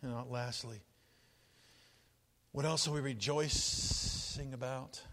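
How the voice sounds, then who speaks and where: An older man preaching a sermon in an animated, jokey way, often laughing and acting out quotes. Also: mid-range voice, slow, big-room sound. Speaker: pastor.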